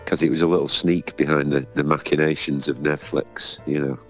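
A man's voice: very deep voice, level tone, a little fast, soft background music. A man, telling rambling, self-mocking stories in a casual chat as podcast co-host.

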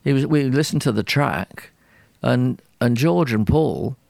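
Gravelly man telling a story. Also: medium pitch, a little slow, no echo, clean studio sound. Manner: animated, self-deprecating, with many restarts and repeated words. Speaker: record producer, guest. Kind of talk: anecdotal storytelling in a radio interview.

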